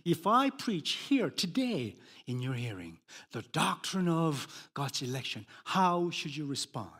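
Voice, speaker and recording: A man preaching a sermon, emphatic, swinging between loud declarations and hushed words. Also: fairly high pitch, sing-song, a little slow, husky. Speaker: pastor. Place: church sanctuary. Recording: long hall reverb.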